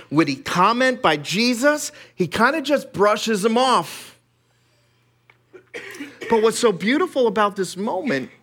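A man preaching a sermon in an animated, conversational way, with casual asides. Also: sits high. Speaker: pastor.

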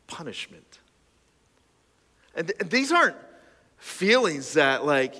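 A man's voice: mid-range voice, sharp tone, long reverb tail. A man preaching a sermon as a pastor, talking conversationally with self-deprecating asides and stammered restarts.

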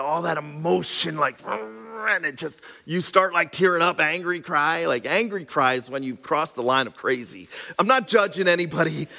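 Bright-voiced preacher in a reverberant hall. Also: male voice, on the high side, gravelly. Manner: swings between loud urgent preaching and soft hushed delivery; repeats phrases for emphasis, casual fillers. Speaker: pastor. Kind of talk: sermon. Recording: long reverb of a large hall.

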